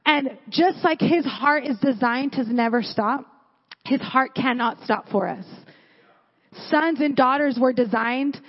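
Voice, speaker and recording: A woman's voice: high-pitched, unhurried. A young woman from California giving a sermon at church, telling stories in a casual way full of "like". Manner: casual storytelling with many "like" fillers. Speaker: church speaker. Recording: echoey hall, dull lo-fi sound.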